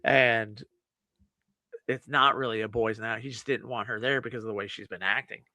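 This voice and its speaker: A man's voice: fairly low pitch, moderate pace, no room sound. A man co-hosting a movie review podcast, animatedly retelling a film's plot and acting out the lines. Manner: animated storyteller, acts out quotes, laughs often. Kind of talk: casual chat, retelling a film plot.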